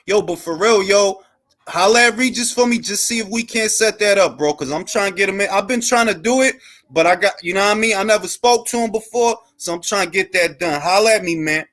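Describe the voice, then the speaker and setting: A man's voice: high voice, fairly quick, fairly bright tone. A man hosting a boxing talk show, chatting loosely with slang and jokes. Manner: loose, joking, slangy banter. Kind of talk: casual live-stream chat.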